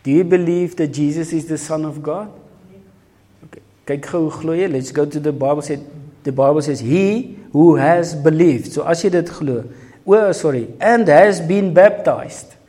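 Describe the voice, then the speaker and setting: A man preaches a sermon with lively, emphatic delivery, switching between two languages. His voice sits fairly high for a man, with a dark, mellow tone. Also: normal speed. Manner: switches between English and Afrikaans, energetic and emphatic.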